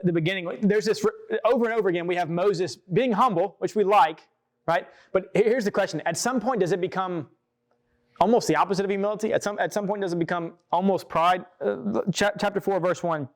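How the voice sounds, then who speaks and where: A man's voice: high-pitched, fairly quick. A man teaching scripture to a group, reading verses aloud and talking them through in a casual, conversational way with frequent asides and restarts. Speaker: pastor. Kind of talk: sermon-style Bible teaching.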